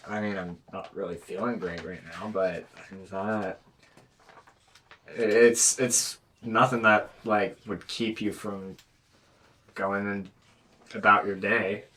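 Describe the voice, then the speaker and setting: A man playing a tabletop game, speaking hesitantly with halting restarts. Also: lowish voice, steady tone, pushed and bright, low-quality recording. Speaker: player.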